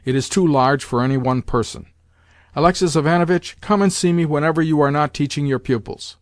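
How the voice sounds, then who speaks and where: A man voicing an imperious rich old grandmother who gives blunt orders and sharp rebukes, in an audiobook reading. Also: a little high, fairly quick, dry recording, clean studio sound, natural voice. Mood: commanding. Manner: commanding, sharp rebukes and demands. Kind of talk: audiobook character voice.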